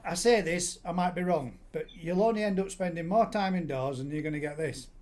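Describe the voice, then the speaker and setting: A man's voice: on the high side, fairly quick, darkish tone. A middle-aged man hosting a live hobby chat, talking casually in long rambling stretches with many restarts. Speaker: host. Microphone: live stream call.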